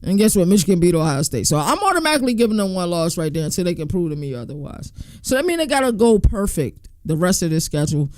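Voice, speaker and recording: A man's voice: high-pitched, big pitch swings, quick pace, darkish tone, no room sound, studio quality. A man hosting a sports podcast, talking casually and in slang while he thinks aloud and counts through team schedules.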